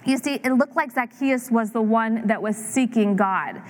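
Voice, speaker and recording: A woman in her thirties preaching a sermon, telling a story with lively acted-out voices. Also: on the high side, normal speed. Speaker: pastor.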